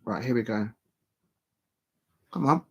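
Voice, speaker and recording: A man streaming a football watch-along, chatting casually and bursting into excited shouts at the match. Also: medium pitch, slow pace, slightly rough. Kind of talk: casual live commentary.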